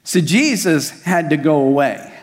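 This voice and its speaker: A man's voice: a little high, animated, unhurried, in a large hall. A male pastor preaching a sermon, mixing scripture with personal stories and rhetorical questions. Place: church service at a community center.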